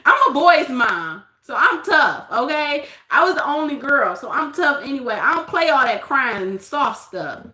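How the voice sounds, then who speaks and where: A woman hosting a casual livestream, telling stories with animated acted-out quotes; she coaches youth basketball. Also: high voice, moderate pace, few pauses, reverberant. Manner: animated storytelling, acts out quotes. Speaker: livestream host.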